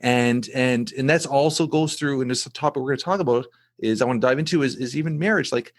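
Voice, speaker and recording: A middle-aged male podcast host talking in a casual, animated way. His voice sits in a middle pitch, and he jumps between rushed bursts and slow, stressed words. He stumbles and repeats himself as he tells a story.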